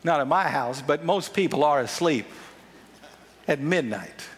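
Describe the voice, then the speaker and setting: A man's voice: a little high, expressive, unhurried, husky, in a large hall. A man preaching a sermon as a pastor, emphatic and repeating phrases for stress.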